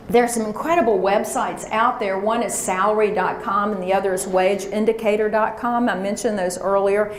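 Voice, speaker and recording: A woman giving a motivational seminar talk, coaching her audience to repeat phrases after her. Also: mid-range voice. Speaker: professional speaker. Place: conference room before an audience. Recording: echoey room with faint hiss.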